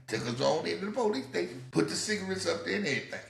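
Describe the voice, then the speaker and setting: A man's voice: high-pitched, lively intonation, racing, creaky, few pauses, fairly bright tone. An older man telling stories about his youth in casual podcast talk, acting out other people's voices, swearing freely and laughing often. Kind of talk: casual storytelling. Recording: echoey room.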